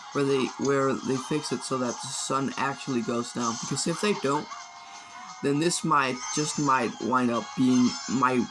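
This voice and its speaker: A man's voice: medium pitch, low-quality recording. A man giving casual, rambling commentary over gameplay, often unsure and sometimes mock-outraged. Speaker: gaming video creator. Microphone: phone. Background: video game music.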